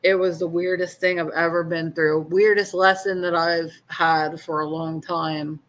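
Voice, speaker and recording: Woman co-host, casual chat, bright edgy tone, blunt and candid, swears freely. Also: fairly low pitch, level tone, measured pace. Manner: candid, blunt, swears and laughs while telling a story.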